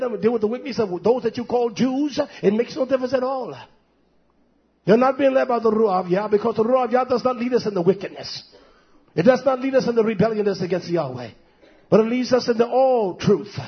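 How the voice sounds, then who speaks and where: High-voiced husky preacher, emphatic questions. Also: male voice, lo-fi sound. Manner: rhetorical questions, repetitive, emphatic. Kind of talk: sermon.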